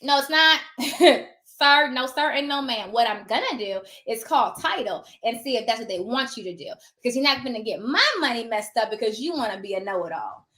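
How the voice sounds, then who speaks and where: A woman's voice: fairly high pitch, expressive, a little fast, a bit bright. Emphatic sassy woman in an echoey room. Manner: emphatic and sassy, acts out her exchanges. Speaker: notary loan signing agent. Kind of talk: casual advice monologue.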